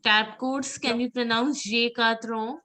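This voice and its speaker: Slow, patient woman teaching pronunciation. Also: a little high, fairly even intonation, sharp tone, poor audio. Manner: slow, patient drilling of words. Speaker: French teacher. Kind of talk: online pronunciation class.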